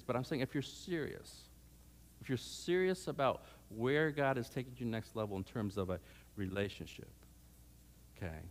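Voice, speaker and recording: A middle-aged man giving a conversational sermon on marriage to students, telling stories and often checking in with "okay?". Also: mid-range voice. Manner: chatty, anecdotal, frequent "okay?" check-ins. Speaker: speaker at a church student rally. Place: church hall.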